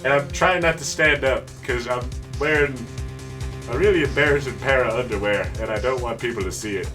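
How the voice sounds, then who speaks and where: A man voicing a bumbling, rambling elderly judge in a creaky old-man voice, with game music behind. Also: medium pitch, brisk, recorded from a distance, voice pushed down, natural voice.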